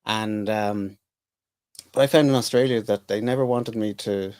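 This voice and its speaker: A middle-aged Irish man with a fairly low voice, talking casually as a podcast guest. He wanders through his stories with restarts and dry jokes. The sound is close and dry, with no room around it. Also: fairly even intonation, normal speed, darkish tone, clean tone, dry recording. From Ireland. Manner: rambling, self-interrupting, dry humour. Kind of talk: casual interview chat.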